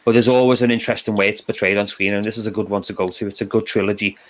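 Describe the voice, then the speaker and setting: A man's voice: lowish voice, steady tone, rapid-fire, a little hiss or hum. A young man with a Liverpool accent chatting casually about a film on a video call from home, easygoing and self-deprecating. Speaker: film discussion co-host. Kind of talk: casual chat.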